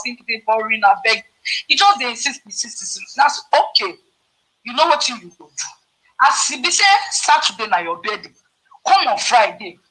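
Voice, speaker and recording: A woman with a Nigerian Pidgin accent, casually telling a story to her viewers and acting out the dialogue with sudden leaps in pitch. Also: pushed and bright, poor audio. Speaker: vlogger.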